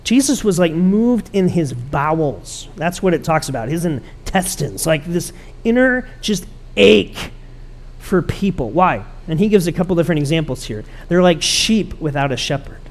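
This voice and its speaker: A man's voice: a little high, big pitch swings, moderate pace. A man pastor preaching a conversational, emphatic sermon to his church.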